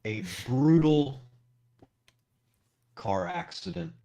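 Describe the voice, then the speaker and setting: A man's voice: medium pitch, expressive, extremely slow, vocal fry, dark tone, pitched above the performer's own voice, full character voice. A man role-playing a talkative, mournful ghost of a young man over a lo-fi voice call. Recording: lo-fi voice call audio.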